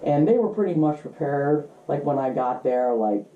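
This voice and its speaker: A woman's voice: low-pitched, lively intonation, normal speed. A woman co-hosting a podcast, a journalist telling casual stories with many "you know"s. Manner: chatty, lots of "you know" and "like". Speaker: podcast co-host, car journalist. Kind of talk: casual chat, storytelling. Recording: roomy, slightly dull sound.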